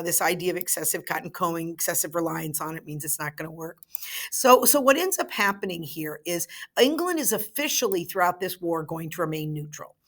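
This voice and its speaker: A woman's voice: medium pitch, fairly bright tone. A woman history teacher recording an online lecture in a chatty way, with rhetorical asides to her students.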